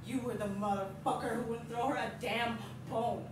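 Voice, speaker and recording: A bitter grown child , played by a woman, hurls harsh curses at a father who was never there. Her voice is high and rings through a very echoey space. The mic is far off, with clear room noise underneath. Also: fairly even intonation, moderate pace, close to an everyday voice. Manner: harsh, cursing, accusing. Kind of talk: stage monologue.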